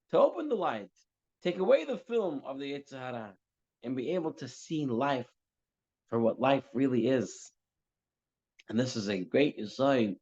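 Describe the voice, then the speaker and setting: A man teaching a religious class, telling a parable with lively, acted-out dialogue before drawing the lesson. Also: a little high. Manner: animated storytelling, acting out characters' lines. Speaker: teacher giving a Torah class. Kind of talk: storytelling sermon. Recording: dull lo-fi class recording.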